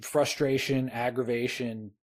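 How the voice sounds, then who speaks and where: A man's voice: mid-range voice, steady tone, unhurried. A man co-hosting a podcast, talking enthusiastically about a novel with frequent word repeats. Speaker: podcast co-host. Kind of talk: casual book discussion.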